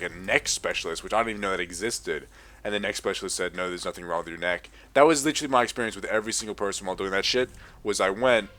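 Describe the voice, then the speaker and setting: A man's voice: fairly low pitch, fairly bright tone. A young man ranting profanely in a casual gaming commentary. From Australia. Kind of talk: casual rant over gameplay.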